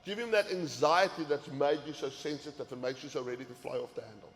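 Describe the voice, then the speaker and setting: A man teaches in an earnest sermon style, stacking repeated words when he presses a point. His voice sits a bit high for a man. It carries a long, roomy echo from the hall, with faint ambience behind. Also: quick pace, slight background noise. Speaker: men's ministry teacher.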